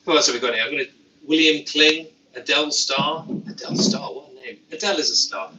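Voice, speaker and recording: A man's voice: on the high side, fast talker, roomy sound, distant mic, noisy background. A young British man hosting a casual livestream, reading chat aloud with dry, self-mocking humor. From Britain. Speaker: YouTube host. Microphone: phone.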